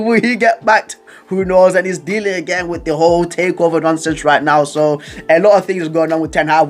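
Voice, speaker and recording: A young man chats to camera as a football vlogger, his voice sitting a bit high for a man. He rambles, stutters and drifts into giggly tangents, calling the audience bro and fam. Faint music plays behind him. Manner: slangy, calls viewers bro and fam. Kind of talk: casual chat to camera.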